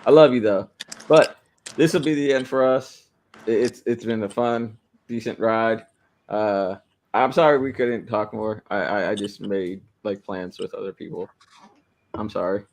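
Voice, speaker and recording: A man's voice: lowish voice, unhurried. A man from Illinois hosting a casual podcast chat, loose and joking, with some swearing. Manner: relaxed, swearing, laughing banter. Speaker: podcast host.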